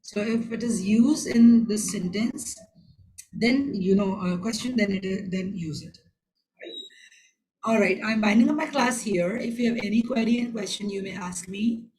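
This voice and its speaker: A woman's voice: mid-range voice, a little slow, darkish tone, poor audio. A woman who teaches IELTS. She lectures an online class in an instructive tone and slips into Hindi phrases.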